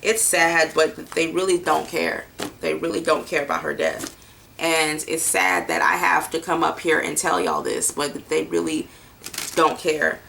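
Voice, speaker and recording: Slow, gravelly woman reading tarot cards. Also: sits low, fairly even intonation, fairly bright tone, slight background noise. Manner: blunt, casual and profane, with many fillers. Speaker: tarot card reader. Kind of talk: casual tarot reading video.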